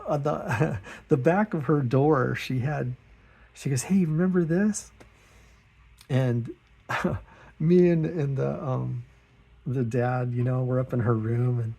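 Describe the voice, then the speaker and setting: This is a middle-aged man running an art channel, rambling easily and poking fun at himself while he sketches. His voice is creaky with a breathy edge; he chuckles a lot and mimics others' remarks in a higher register.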